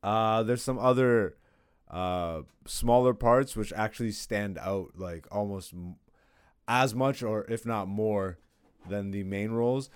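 A man's voice: on the low side, takes it slowly, clear, resonant tone, dry recording, studio quality. A man in his thirties hosting a podcast in casual, joking chat, swearing often. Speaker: podcast host.

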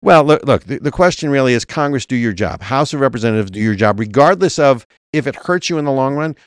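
A man's voice: mid-range voice, lively intonation, fast talker, no room sound, clean studio sound. A man co-hosting a political talk show, arguing emphatically and reading legal text aloud. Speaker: co-host.

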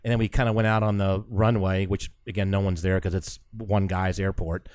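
Podcast co-host, male, lowish voice, excitable storyteller, dry close sound. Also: fairly quick, dry recording. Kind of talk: casual storytelling chat.

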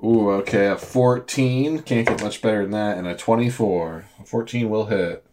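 A man's voice: on the low side, moderate pace, noisy background. A man playing a tabletop game, talking hesitantly and laughing at his rolls. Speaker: player. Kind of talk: casual tabletop play.

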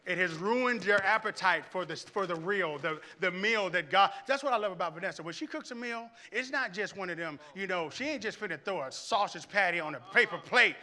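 A high-pitched man preaching to a church congregation. His tone is sharp and tense. He tells stories animatedly, often restarts his sentences, and keeps asking the crowd questions. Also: fairly quick, few pauses. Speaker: pastor. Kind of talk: sermon.

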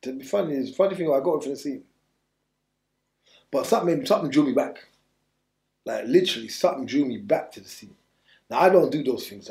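A man's voice: mid-range voice, darkish tone, echoey room. A man telling his story bluntly in street slang during an interview, rambling and restarting as he goes. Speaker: interview guest.

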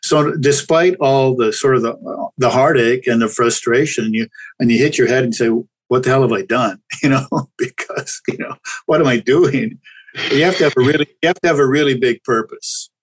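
A man's voice: mid-range voice, moderate pace, poor audio. An older man, a chiropractor guest, talking candidly and reflectively in a casual interview, often restarting his sentences. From Canada.

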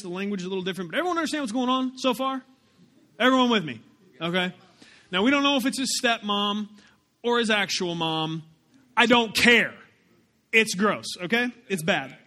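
A man preaching a sermon to his congregation, conversational and animated, with playful asides to the crowd. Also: high voice. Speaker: pastor.

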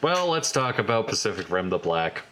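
A man hosting a podcast, speaking in a dry, halting way during casual banter. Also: lowish voice, big pitch swings, fairly bright tone, slight background noise. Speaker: podcast host. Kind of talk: casual banter among friends.

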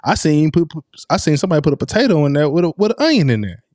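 A man co-hosting a podcast, casually and insistently explaining a recipe step by step in lively banter. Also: a little high, rapid-fire, dry recording. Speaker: podcast co-host.

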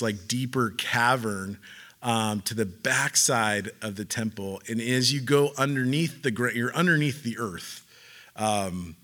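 Energetic man preaching a sermon. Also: mid-range voice. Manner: conversational, with casual fillers and asides; builds to emphatic, fervent preaching. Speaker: pastor.

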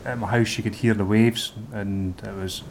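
A middle-aged Scottish man, a lifeboat volunteer, recounting a rescue in a plain-spoken, halting way. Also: on the low side, slight background noise. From Scotland. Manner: plain-spoken, hesitant with fillers, animated when acting out scenes.

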